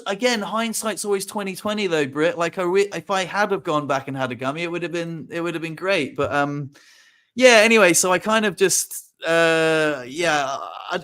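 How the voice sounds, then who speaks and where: A young man telling a story on a podcast in a slightly high voice. He rambles, restarts his sentences and acts out what people said to him. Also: fairly bright tone. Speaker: podcast host. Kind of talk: casual chat.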